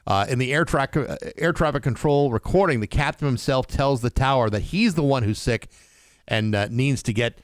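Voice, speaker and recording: A man's voice: mid-range voice, moderate pace, dry recording, clean studio sound. A man co-hosting a morning radio show, chatting casually and reading a news item, sometimes stumbling over his words. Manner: stumbling restarts. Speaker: radio co-host and newsreader. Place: radio studio. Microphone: studio mic.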